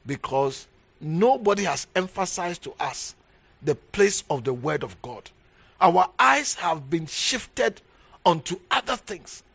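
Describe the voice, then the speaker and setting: A man preaches a sermon as a bishop, his voice gravelly, a bit bright and slightly rough. He's emphatic, repeating key phrases and swinging between low murmurs and raised exhortation.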